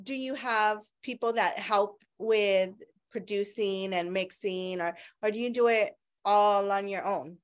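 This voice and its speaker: A woman's voice: mid-range voice, a little slow, few pauses. A woman hosting a casual interview, friendly, asking questions and laughing along. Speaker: host and author.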